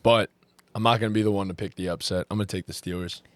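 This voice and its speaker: A man co-hosting a casual sports podcast, rambling and animated in the banter. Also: lowish voice, fast, no room sound. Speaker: podcast co-host.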